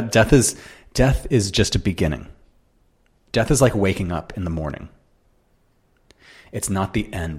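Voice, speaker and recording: A man with a low, deep voice tells his own story as a podcast host. He talks in an earnest, animated way and circles back over the same phrases as he builds each point. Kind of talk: personal storytelling monologue.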